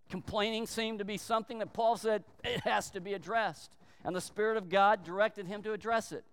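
With a high, smooth voice, a pastor delivers a forceful sermon, easing his pace for emphasis and slipping into short impressions when quoting others. A long reverb tail follows his words.

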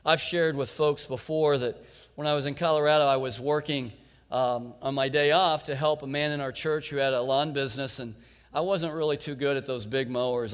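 A man delivering a sermon from the pulpit, reading scripture with rising force and then slipping into relaxed folksy storytelling. His voice sits at an ordinary middle pitch. The sound rings with the long reverb of a big hall. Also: clear, resonant tone. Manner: folksy storytelling, drops to a soft low voice for quotes. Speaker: pastor.

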